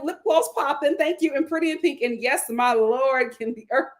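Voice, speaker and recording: Woman with a high bouncy voice, reading super chats, laughing a lot and getting loud. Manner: animated, laughs often, loud outbursts. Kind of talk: casual livestream chat.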